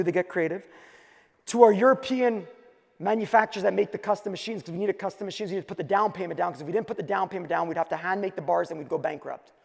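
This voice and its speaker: A man from Quebec giving an energetic keynote talk at a conference, telling his story in punchy short phrases. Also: sits high, creaky. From Quebec, Canada. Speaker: conference speaker. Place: large conference hall. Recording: hall reverb.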